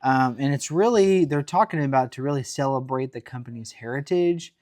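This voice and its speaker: A man's voice: medium pitch, a little fast, darkish tone, no echo, studio quality. A man co-hosting a casual podcast, laughing often and telling stories with acted-out quotes. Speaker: podcast co-host. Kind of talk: casual chat.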